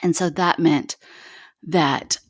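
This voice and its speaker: A woman's voice: sits low, steady tone, takes it slowly, no echo, clean studio sound. A woman, a podcast host in the guest seat, candidly telling her own painful story in an earnest, raw way, with many "like"s and "um"s.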